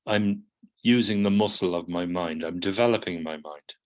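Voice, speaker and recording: A middle-aged man with a fairly low voice lectures a class of therapy students. He explains step by step, slips into the voices of the people in his examples, and keeps checking in with "do you see?". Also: moderate pace. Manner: acts out students' replies in quoted voices. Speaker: psychotherapy teacher.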